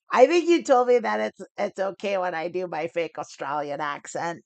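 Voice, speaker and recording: On a live stream of her online poker games, an American woman with a lowish, creaky voice speaks at a moderate pace, explaining her moves as she plays. She's chatty and pokes fun at herself, laughing a lot and cursing lightly, in a dry recording.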